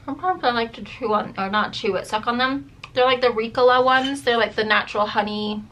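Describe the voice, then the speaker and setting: Woman, 30s, vlogging mom; bright and forceful, slightly high, rambly and full of "like", throat a bit dry. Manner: chatty, rambling, says "like" and "dude" a lot. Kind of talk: casual chat to camera.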